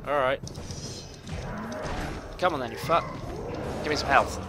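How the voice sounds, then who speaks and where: A man giving profane, excitable gameplay commentary, talking to himself as he plays, with game music behind. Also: medium pitch, measured pace. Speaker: gamer playing a video game.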